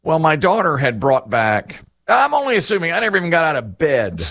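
A man's voice: fairly high pitch, huge pitch swings, fairly quick, gravelly, a bit bright, no room sound, clean studio sound. A middle-aged man hosting a casual chat, telling rambling, self-deprecating stories and laughing often.

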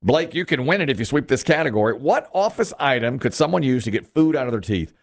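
Lively male game show host. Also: medium pitch, fast talker. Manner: upbeat, chatty, reads clues aloud.

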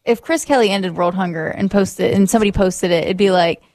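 A woman's voice: mid-range voice, brisk, darkish tone, no room sound, studio quality. Woman co-host making emphatic points. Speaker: radio co-host. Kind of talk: casual radio banter.

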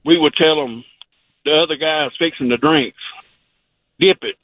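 A man's voice: a little high, a little slow, no room sound. A man calling into a radio show, telling a story in a blunt, laid-back way. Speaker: caller. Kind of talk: phone-in call. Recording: tinny dry phone line.

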